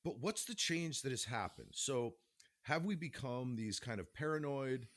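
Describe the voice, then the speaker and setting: A man's voice: medium pitch, expressive, normal speed. A man co-hosting a podcast, chatting casually and agreeably with some swearing. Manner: laid-back, agreeable, swearing storyteller. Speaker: podcast co-host. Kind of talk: casual chat.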